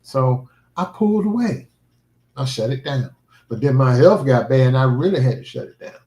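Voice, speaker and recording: A man's voice: mid-range voice, lively intonation, normal speed, darkish tone. A man livestreaming a vlog, talking in an earnest, emphatic, preacherly way about faith and his life. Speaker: livestreaming vlogger. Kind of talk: casual heartfelt livestream talk. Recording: roomy echo.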